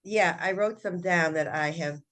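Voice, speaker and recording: A woman's voice: lowish voice, moderate pace. Older woman animatedly retelling her book. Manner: animated storytelling, many restarts. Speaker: children's author and guest. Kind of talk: casual interview chat.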